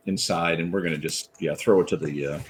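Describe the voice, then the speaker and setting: A man playing a tabletop game, describing his character's actions in a deliberate way. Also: low-pitched, steady tone, a little hiss or hum. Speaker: player.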